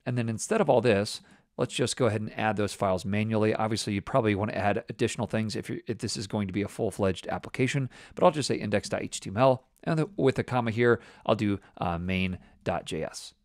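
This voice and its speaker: A man's voice: fairly low pitch, quick pace, no echo, clean studio sound. A man giving a casual screen-recorded coding lesson, explaining each step as he works. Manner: casual, explanatory, walks through steps while working. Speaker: web development instructor.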